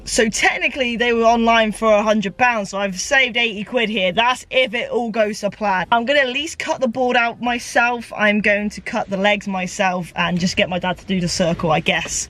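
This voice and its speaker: Chatty young English woman vlogger. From England. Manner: chatty, self-deprecating, jumps into high excited tones. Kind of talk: casual vlog chat.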